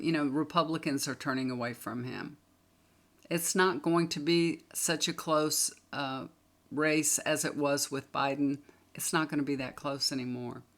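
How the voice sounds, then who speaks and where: A woman's voice: low voice, a bit bright. A woman tarot reader talking casually to a camera, chatty and emphatic, repeating points for stress.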